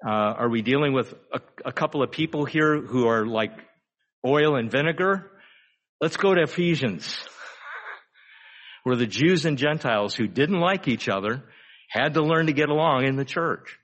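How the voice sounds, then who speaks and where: A man's voice: medium pitch, animated, moderate pace, fairly bright tone. An older man delivering a sermon in an easygoing, conversational way. He poses frequent rhetorical questions and stretches out key phrases for emphasis. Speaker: pastor.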